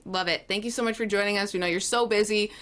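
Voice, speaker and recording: A woman's voice: mid-range voice, fairly even intonation, fast, fairly bright tone. Woman hosting a chill talk show, gushy, super enthusiastic. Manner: enthusiastic, gushing. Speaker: host. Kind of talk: casual chat.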